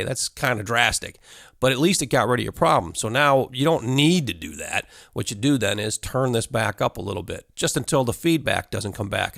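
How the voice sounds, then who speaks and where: A man at mid pitch gives a laid-back walkthrough of a mixing desk, full of fillers and little chuckles. He is recorded close on a condenser mic with a very dry, deadened sound. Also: gravelly, fairly bright tone, no room sound. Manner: loose, conversational, full of fillers and little laughs. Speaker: audio engineering instructor. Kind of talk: casual hands-on tutorial. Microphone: studio condenser mic through a mixer.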